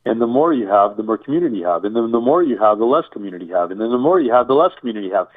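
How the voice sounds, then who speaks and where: Man, interview guest, explaining and listing, repeats himself, tinny phone-like sound, mid pitch. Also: expressive, rapid-fire. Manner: enumerating, repetitive, rhetorical questions. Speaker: survival expert guest.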